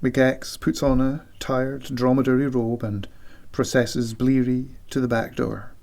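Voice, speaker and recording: A man reading a novel aloud with dramatic, deliberate delivery and whispered sound effects. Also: mid-range voice, flat delivery, vocal fry, a little mellow. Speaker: audiobook reader. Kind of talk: expressive literary reading.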